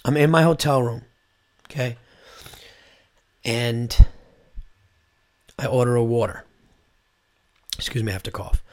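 A man's voice: mid-range voice, a little slow, long pauses. A man hosting his own podcast, ranting in a loose comedic monologue with speech, lots of swearing and acted-out quotes. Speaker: podcast host.

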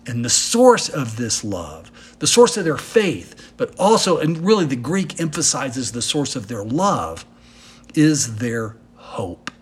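A man's voice: medium pitch, big pitch swings, a little slow, hardly any pauses, husky. A male pastor delivering an earnest, emphatic sermon, asking the congregation rhetorical questions as he preaches.

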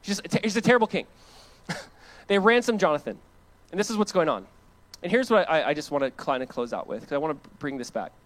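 A young adult pastor with a slightly high voice preaches a sermon at a brisk pace, pausing often. He's animated, reading scripture aloud, retelling it in casual words, and laughing between his points.

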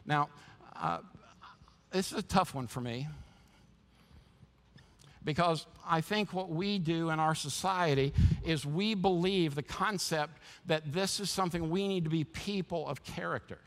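A man's voice: on the high side, a little slow, a bit bright. A man preaching a sermon as pastor, impassioned and emphatic, often repeating words as he restarts.

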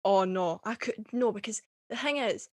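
A young woman with a Scottish accent talks as a guest in a relaxed chat. She sounds passionate and blunt, swearing freely and laughing often. Her voice is recorded close and dry. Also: mid-range voice, moderate pace, no echo. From Scotland. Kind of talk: casual podcast chat.

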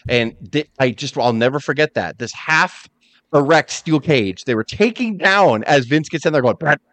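A man's voice: mid-range voice, normal speed, dry recording. A man hosting a podcast in casual chat, telling stories animatedly and acting out quotes. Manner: animated storyteller, acts out quotes. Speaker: podcast host.

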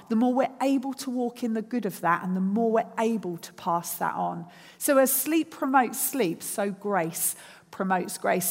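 A woman's voice: a little high, long reverb tail. A woman preaching a sermon at a church service. She speaks earnestly and builds her points through repeated phrases.

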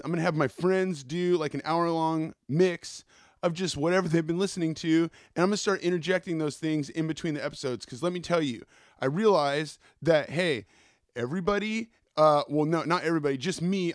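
A man hosts his own podcast, spinning loose, cussing stories in an easygoing monologue. His voice sits a little high. The sound is dry and close, with no room around it. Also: no echo. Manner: profane, rambling storyteller. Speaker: podcast host. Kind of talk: casual solo podcast monologue.

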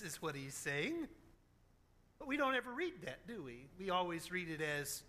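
A man preaching a sermon as a pastor, telling stories in an animated, joking way. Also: very high voice, moderate pace.

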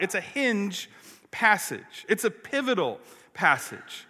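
A man preaching a sermon, telling a story in an animated way with frequent restarts. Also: sits high, takes it slowly, husky. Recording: long hall reverb.

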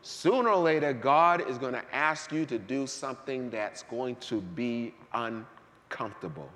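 Male pastor, animated sermon delivery, hushed to shouting, big church hall reverb. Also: mid-range voice, unhurried, slight background noise. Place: church sanctuary.

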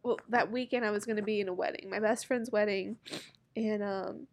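A woman in her thirties telling a personal story to camera, halting and heartfelt, close to tears. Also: medium pitch, steady tone. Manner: halting, heartfelt, many pauses and fillers. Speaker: vlogger.

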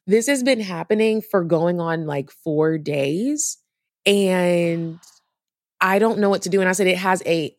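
A woman telling a story in casual chat, animated and profane, acting out the voices of people she quotes. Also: lowish voice, dry recording, studio quality. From Texas.

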